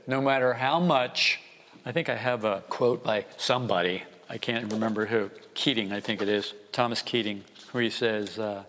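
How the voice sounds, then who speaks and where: A man's voice: mid-range voice, fairly bright tone. A man preaching a conversational, wry sermon, often acting out the voices he quotes. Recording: long reverb.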